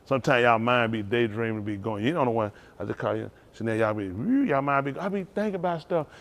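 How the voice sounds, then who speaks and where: A man preaching a sermon, rousing and conversational, swinging between loud calls and hushed asides. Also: mid-range voice, lively intonation, fast. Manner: rousing call-and-response preaching, Southern Black church cadence. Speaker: pastor.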